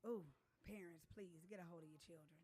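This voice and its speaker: A woman's voice: on the low side, brisk, dark tone. Woman host with an authoritative voice. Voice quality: authoritative, at times harsh voice. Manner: emphatic, preachy. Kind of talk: casual chat.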